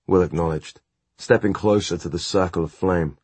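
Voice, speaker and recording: A man narrating a fantasy audiobook in a measured, even storytelling manner. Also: low voice, breathy edge, no room sound. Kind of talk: scripted narration.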